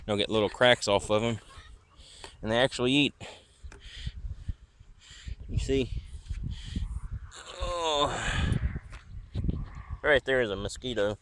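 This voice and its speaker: Filmed outdoors at night on a handheld camera, this vlog has a man showing off his rural property in a relaxed, rambling way. His medium-pitched, slightly bright voice is slow and pauses often, with a little hiss or hum in the audio.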